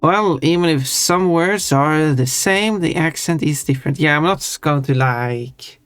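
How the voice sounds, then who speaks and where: A Swedish-accented livestreamer talks things through in a loose, chatty way, backtracking and rephrasing as they explain. The voice sits at an ordinary middle pitch, and the sound is dry and close with no room echo. Soft music plays faintly underneath. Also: measured pace, smooth. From Sweden. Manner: chatty and explanatory, thinks aloud with restarts. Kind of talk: casual live-stream chat. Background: faint background music.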